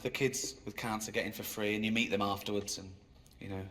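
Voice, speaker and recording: A man doing stand-up in a dry, self-mocking way that jumps into high, exasperated squeals. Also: level tone, fairly quick, a bit bright, slight background noise. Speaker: stand-up comedian. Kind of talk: stand-up routine. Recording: live comedy club with crowd laughter. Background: audience laughing.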